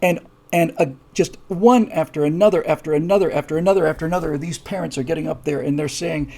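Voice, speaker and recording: A man with a fairly high voice and a gravelly edge hosts a live show. He tells his story with many fillers and restarts. His voice moves from low, quiet asides to heated, repeated emphasis. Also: fast. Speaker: show host.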